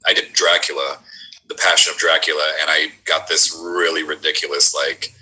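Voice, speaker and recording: A man's voice: rumbling low, flat delivery, moderate pace, sharp tone, a little hiss or hum, low-quality recording. A man, an actor, chatting casually and rambling about doing accents, with lots of fillers. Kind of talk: casual chat.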